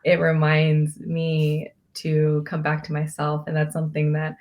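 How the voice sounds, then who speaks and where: A woman's voice: low voice, monotone, unhurried, a little mellow. A woman coach in a casual group discussion, speaking thoughtfully with hesitant restarts.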